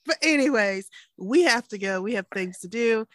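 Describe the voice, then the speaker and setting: Woman, thirties, podcast co-host, casual chat, fairly high pitch, dry sound. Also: moderate pace, dry recording. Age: 30s. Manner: animated, laughs often, acts out quotes.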